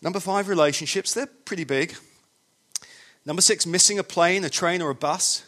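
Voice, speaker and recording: Emphatic preacher, slightly high voice. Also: male voice, moderate pace, a bit bright. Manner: emphatic, repetitive, conversational. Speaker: pastor. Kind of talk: sermon.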